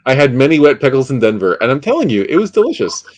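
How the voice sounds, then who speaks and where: A man's voice: mid-range voice, very animated, quick pace. A man hosting a live chat stream, joking around, teasing and reading out viewer comments. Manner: teasing, reads out viewer comments in silly voices. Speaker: livestream host.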